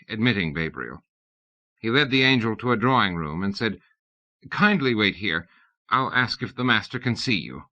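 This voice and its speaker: A man narrates a novel in a low, bright voice with measured, even delivery. The recording is dull and lo-fi, like an older audiobook tape. He reads steadily and clearly. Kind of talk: scripted narration.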